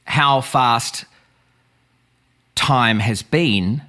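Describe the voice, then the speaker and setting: A man hosting a comedy podcast, rambling and slowing down on purpose. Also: medium pitch, sharp tone. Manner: meandering, slows for comic effect. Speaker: podcast host. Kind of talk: casual comedy chat.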